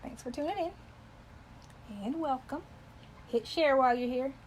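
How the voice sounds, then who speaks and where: A woman's voice: sits high, normal speed, a little hiss or hum, low-quality recording. A talkative woman chatting with viewers while demonstrating embroidery on a live stream. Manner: talkative, loves to chat with viewers; greets viewers by name while working. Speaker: embroidery livestream host.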